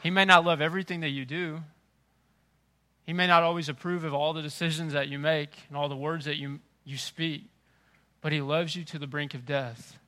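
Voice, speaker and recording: A man preaching with a bright, ringing tone and a voice pitched a bit above the usual. He is middle-aged and swings between hushed, tender phrases and loud, impassioned emphasis. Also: steady tone, normal speed. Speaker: pastor. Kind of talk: sermon.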